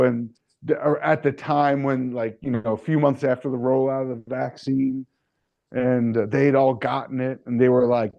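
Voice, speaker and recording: A man's voice: medium pitch, vocal fry, no echo, highs cut off. A man hosting a podcast in casual chat. He rambles and leans on fillers like "you know" and "like.". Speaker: podcast host.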